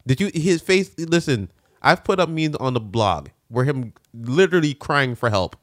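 A man co-hosting a casual sports chat, loud and animated, joking around and swearing freely. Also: mid-range voice, moderate pace, no room sound, studio quality. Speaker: sports podcast co-host.

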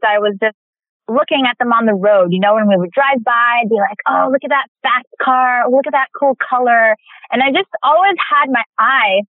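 A woman in her thirties, a podcast guest chatting in an animated way, often laughing and acting out quotes. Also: a little high, no room sound. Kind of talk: casual interview chat. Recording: tinny phone line.

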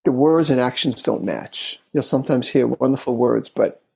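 A man who works as a therapist, recounting a case as an interview guest in an unhurried, thoughtful way, speaking in short phrases. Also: medium pitch, vocal fry, dark tone, breathy edge, rough recording. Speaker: therapist and relationship expert.

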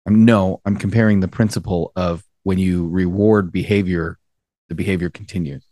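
A man's voice: low-pitched, fairly even intonation, normal speed, dark tone, dry recording, studio quality. A man co-hosting a casual podcast, making his points with repeated phrases in an opinionated way. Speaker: podcast co-host.

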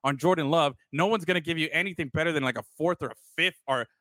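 A man's voice: fairly high pitch, fast, fairly bright tone, no room sound. A man co-hosting a casual sports podcast, rambling and swearing freely, calling his friends bro. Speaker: podcast co-host.

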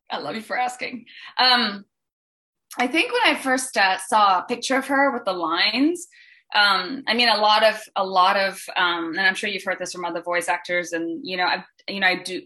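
A woman from Singapore, a voice actress, answering fan questions with lots of energy. Her voice is bright and forceful, and she rambles through restarts and fillers. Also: medium pitch. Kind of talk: panel Q&A answers.

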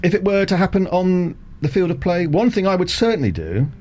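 A middle-aged man, a cricket umpire guest on a radio interview, explaining rules in a measured, methodical way with frequent ums and uhs. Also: high voice, very animated, a little mellow.

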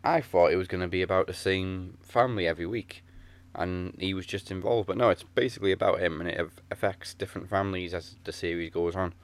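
A man with a very deep voice chats casually on a podcast. He tells stories at an easy clip, slipping into quoted lines and laughing often. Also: quick pace. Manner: chatty storyteller who acts out quotes, laughs often. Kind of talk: casual chat.

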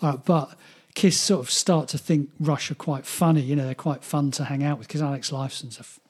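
Husky man chatting about music. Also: on the high side, steady tone, a little fast, darkish tone. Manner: chatty, laughing, many restarts and "you know". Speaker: podcast co-host. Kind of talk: casual chat.

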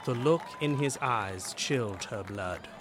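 A man narrating an audiobook story in a dramatic, expressive way. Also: mid-range voice, measured pace, crowd noise, noisy background.

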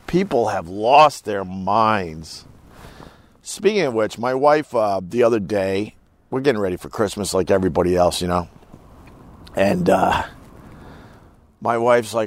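A man hosting a live stream, chatting casually and telling stories in a rambling, animated, profane way. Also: medium pitch, normal speed, dry recording.

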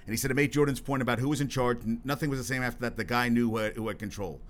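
A man's voice: mid-range voice, steady tone, rapid-fire. A man hosting his own solo podcast, talking in a rambling, profane way with lots of restarts and getting worked up as he goes. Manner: worked up and emphatic. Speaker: podcast host.

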